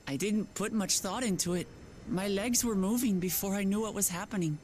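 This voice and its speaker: A woman's voice: medium pitch, a little fast, darkish tone, a little hiss or hum, close to an everyday voice. Game heroine: a woman playing a brave young leader, earnest and open. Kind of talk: video game voice acting.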